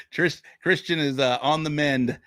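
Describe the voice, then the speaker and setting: A man's voice: on the high side, slow pace, fairly bright tone, no room sound, studio quality. A man hosting a casual live stream, laid back, laughing often and reading out viewer questions. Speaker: show host.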